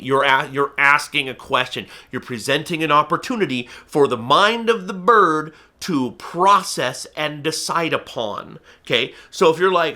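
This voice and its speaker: A man explains falcon training with eager, emphatic energy. His voice is bright and a touch high, and he leans hard on the key words. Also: normal speed, few pauses. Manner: energetic, emphatic, acts out bird and viewer voices. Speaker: falconry instructor. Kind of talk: instructional talk to camera.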